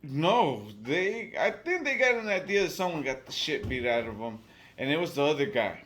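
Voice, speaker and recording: High, animated man telling a story. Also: normal speed, a little hiss or hum. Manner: animated, profane, acts out the people he quotes. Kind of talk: casual storytelling.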